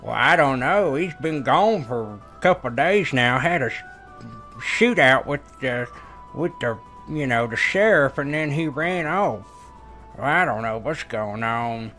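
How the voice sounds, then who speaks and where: A man's voice: medium pitch, expressive, drawn-out words, hardly any pauses, bright, forceful tone, faint music behind, exaggerated voice. A man doing a toothless, rambling old coot. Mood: rambling lonely. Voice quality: gummy, lisping, toothless mumble. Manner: rambling, folksy drawl.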